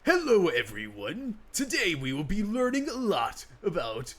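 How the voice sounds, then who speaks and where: A man's voice: high-pitched, wildly swooping pitch, measured pace, pitched above the performer's own voice, full character voice. A man putting on a big burly man's solemn, strained voice. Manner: loud, strained, over-enunciated delivery.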